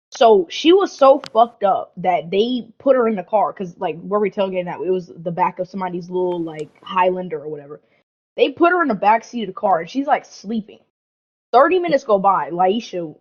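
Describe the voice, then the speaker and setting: A young woman co-hosting a podcast, telling a party story in a casual, animated way, full of slang and swearing. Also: medium pitch, highs cut off. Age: young adult. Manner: animated, slangy, heavy swearing, lots of "like" and "bro". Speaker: podcast co-host.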